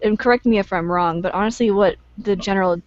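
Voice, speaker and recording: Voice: mid-range voice, fast, no room sound. A podcast co-host chatting casually about a tabletop game, rambling with many fillers. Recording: dull lo-fi sound.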